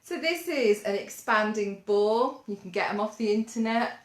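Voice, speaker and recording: A woman leading a gentle mindfulness lesson for children, coaxing them along with lots of playful questions. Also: medium pitch, steady tone, normal speed. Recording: roomy echo.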